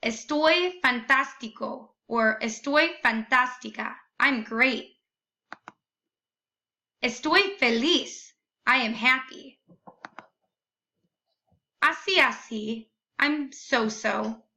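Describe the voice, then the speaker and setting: Bright-voiced woman teaching a class. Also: sits high. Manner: slow, careful modeling of phrases. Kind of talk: recorded classroom lesson.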